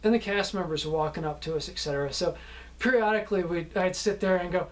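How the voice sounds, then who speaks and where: Here a male actor talks quickly in a high-sitting voice, loosely sharing anecdotes from a movie shoot. He rambles, fills gaps, restarts his sentences, and laughs a lot along the way.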